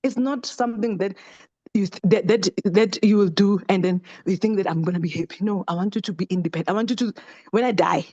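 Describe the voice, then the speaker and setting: A woman's voice: mid-range voice, a little fast, warm tone, highs cut off. A middle-aged woman talking passionately at a book club, with many restarts and rhetorical questions. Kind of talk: casual discussion.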